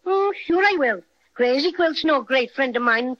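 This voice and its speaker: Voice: high voice, lively intonation, moderate pace. A performer voicing a small, cheerful and boastful teddy bear with an Irish accent, acting for a 1930s radio drama. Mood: helpful. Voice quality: lilting, chatty, mock-ferocious. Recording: muffled old radio recording.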